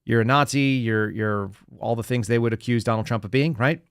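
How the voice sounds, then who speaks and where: A man's voice: medium pitch, a little fast, clean tone, dry recording, studio quality. A man from the United States hosting a political commentary podcast, sarcastic and talking to his live chat. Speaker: podcast host.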